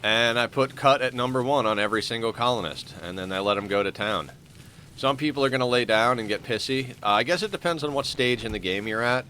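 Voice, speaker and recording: A man's voice: mid-range voice, brisk, sharp tone, slight background noise. A man casually commenting on his game as he plays, stuffed up with a morning voice and rambling with fillers as he thinks aloud. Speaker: streamer playing a colony sim.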